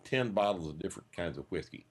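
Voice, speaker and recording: Texan male guest coach, low and dry, lively pitch. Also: fast, husky.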